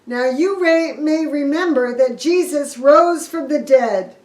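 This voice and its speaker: Pastor lady telling a kids story, slow and playful, echoey room, mic kinda far off. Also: high-pitched, animated, darkish tone. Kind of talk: storytelling for children.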